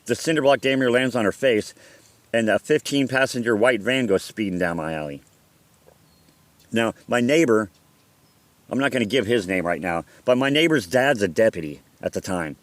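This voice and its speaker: A man's voice: fairly low pitch, dry recording. A middle-aged man from Southern California telling a personal story in a casual, profane, rambling way, full of restarts and quoted dialogue.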